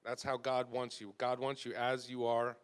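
A man's voice: mid-range voice, monotone, normal speed, clear, resonant tone. Man, church leader, earnest, emotional, conversational, self-deprecating, informal sermon. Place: church gathering.

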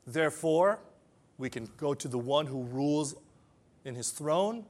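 A man preaching a sermon to people whose first language is different, telling stories and then leading a quiet prayer. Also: fairly high pitch, lively intonation, measured pace.

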